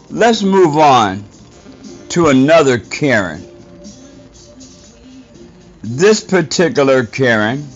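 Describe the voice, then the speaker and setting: A man delivering an indignant, profane rant as a podcast host, scolding his listeners. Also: mid-range voice. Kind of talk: ranting monologue. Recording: dull lo-fi audio with faint music.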